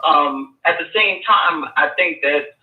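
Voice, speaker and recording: A man's voice: fairly high pitch, slow pace, narrow, tinny audio. A man calling in to a talk show, stating firm opinions while stumbling over restarts and fillers. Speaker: caller. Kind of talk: phone-in conversation. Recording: echoey distant phone-in line.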